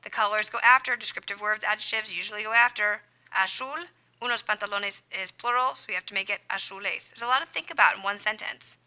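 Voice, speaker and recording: A woman's voice: medium pitch, fast, bright, forceful tone. A woman teaching a Spanish grammar lesson over a screen recording, upbeat and encouraging, dropping little sound effects as she writes.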